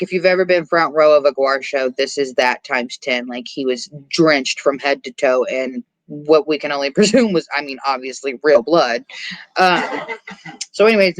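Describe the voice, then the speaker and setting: A podcast host recapping a horror film in casual chat, animated and profane, with lots of filler words and acted-out bits of dialogue. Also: medium pitch, no room sound. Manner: acts out characters' lines in quick asides.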